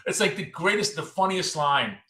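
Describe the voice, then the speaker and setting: A man's voice: on the high side, animated, normal speed, pushed and bright, echoey room. A man co-hosting a live trading stream in a casual, joking way, blunt and swearing freely. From Russia. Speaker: trading show co-host.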